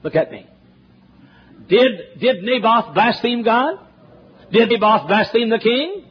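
Folksy high-voiced preacher. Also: male voice, animated, takes it slowly. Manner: folksy, joking asides, building to emphatic. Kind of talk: sermon. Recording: dull lo-fi with faint noise.

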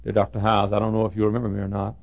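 An older man preaching in a gravelly, rough voice, spinning stories from the pulpit. He repeats himself as he builds, rising loud and then dropping low. The recording sounds dull and lo-fi. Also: completely flat delivery, very fast. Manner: storytelling preacher with repetitions, swinging from loud to hushed. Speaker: pastor. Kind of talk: sermon.

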